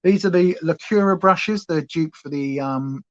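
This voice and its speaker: A woman's voice: sits low, unhurried, no room sound, highs cut off. A woman hosting a casual makeup livestream from home, chatting and going off on tangents. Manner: chatty, rambling, goes off on tangents. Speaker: beauty livestream host.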